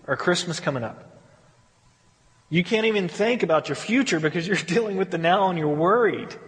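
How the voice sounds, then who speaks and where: A man preaching a sermon as pastor in a candid, conversational way, often restarting his sentences, recorded in a church sanctuary. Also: a little high. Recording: long hall reverb.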